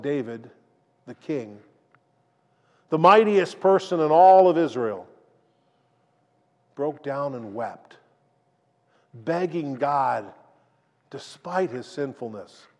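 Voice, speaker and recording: A man preaching a sermon, retelling a story dramatically and swinging between loud and hushed delivery. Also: mid-range voice. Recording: long reverb of a large hall.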